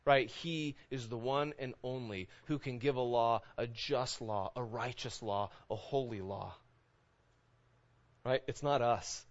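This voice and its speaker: A man's voice: medium pitch, unhurried, dull audio. A man in his thirties preaching a sermon in a conversational way, full of rhetorical questions. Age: 30s. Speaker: pastor.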